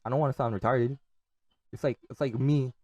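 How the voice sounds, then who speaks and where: A man's voice: mid-range voice, steady tone, brisk, a little mellow, dry recording, muffled recording. A young man hosting a podcast alone, talking in a casual, rambling way, swearing a lot and laughing often. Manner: profane, laughs often, restarts and trails off. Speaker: podcast host.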